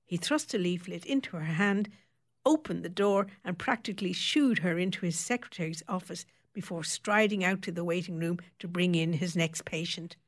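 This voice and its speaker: Woman audiobook narrator, expressive steady reading, lowish voice. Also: normal speed. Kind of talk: scripted narration.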